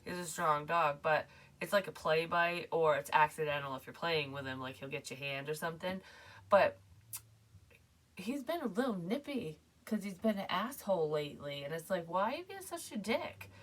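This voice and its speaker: A woman's voice: low voice, lively intonation, normal speed, fairly bright tone, far from the mic. A woman psychic medium talking casually through a reading, rambling and swearing with frequent laughs. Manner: rambling, profane, laughs often.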